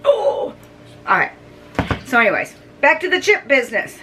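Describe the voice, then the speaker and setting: Her voice is high with wildly swooping pitch at a moderate pace. This middle-aged food vlogger reviews snacks casually for the camera, humming and chewing between bites, recorded on a distant mic with faint background noise.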